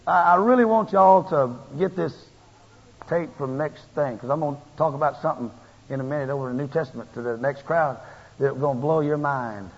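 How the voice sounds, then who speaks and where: A man preaching a sermon in a folksy, animated way, his emphasis rising and building as he goes. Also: on the high side, brisk, slightly rough. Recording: lo-fi tape with long hall reverb.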